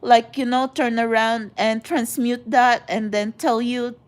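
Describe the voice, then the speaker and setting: A woman with a high-pitched voice talks to her followers in a casual vlog monologue. She rambles and presses each point hard, circling back with a questioning "okay?". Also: flat delivery, unhurried. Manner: rambling and emphatic, often tagging "okay?". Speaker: spiritual vlogger addressing her followers.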